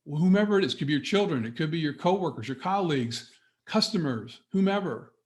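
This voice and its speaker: A middle-aged man coaching business owners on a webinar, talking straight to his audience in an energetic, motivational way. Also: fairly high pitch, quick pace. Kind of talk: webinar presentation.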